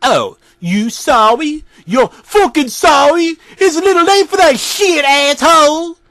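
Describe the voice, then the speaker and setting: A furious skeleton screams curses in a shrill, wildly swinging voice, as a man puts him on for a comedic horror reading. He rants and shrieks at whoever is listening. The sound is dry and close. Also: animated, normal speed, a bit bright, dry recording, exaggerated voice. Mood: furious yelling. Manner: screaming, foul-mouthed. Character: furious male skeleton ranting at a viewer.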